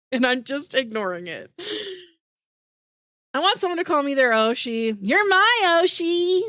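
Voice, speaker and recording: Female streamer, high and bright, bubbly, giggly, emotional, close and dry. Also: big pitch swings, measured pace, long pauses, dry recording. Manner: bubbly and giggly, heavy on "like" fillers; emotional, voice rising into teary squeals. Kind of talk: casual live-stream chat with viewers.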